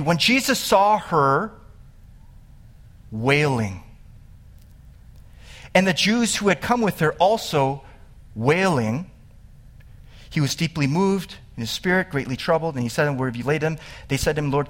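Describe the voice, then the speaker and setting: A man preaching in a slightly higher voice than most men. He tells the story with animation, climbing in pitch and volume as he builds. Then he drops to a hushed, slower tone for the sad parts. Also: lively intonation. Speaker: pastor. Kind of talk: sermon.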